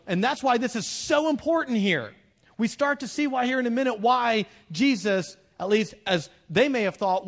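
High-voiced man preaching animatedly. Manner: animated, swings from loud to hushed; chatty with humorous asides. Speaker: pastor. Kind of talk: conversational sermon.

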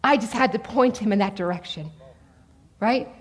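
A woman in her forties preaching a sermon in a conversational, animated way to an audience in a large hall. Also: mid-range voice, moderate pace, husky. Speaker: speaker at a church. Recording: long reverb of a large hall.

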